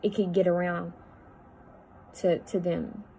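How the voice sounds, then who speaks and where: A woman psychic medium talking at home, relaying messages in a halting, repetitive way that often drops to a hushed voice. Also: fairly low pitch, flat delivery, a little hiss or hum, rough recording. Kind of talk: spirit-channeling video monologue.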